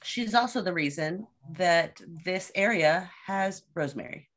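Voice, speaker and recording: A woman guest on a podcast, casually telling a story with lively delivery and acted-out quotes. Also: lowish voice, unhurried. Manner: lively storyteller who acts out quoted voices.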